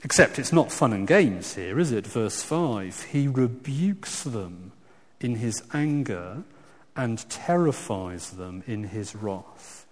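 A man preaching a sermon, animated and emphatic, with frequent restarts, swinging from loud exclamations to quiet asides. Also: on the low side, slow. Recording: long hall reverb.

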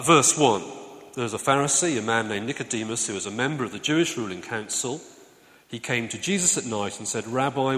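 Speaking in a mid-range voice with a sharp tone, a man delivers an easygoing, chatty sermon full of stories and questions for the congregation. Long hall reverb fills the recording.

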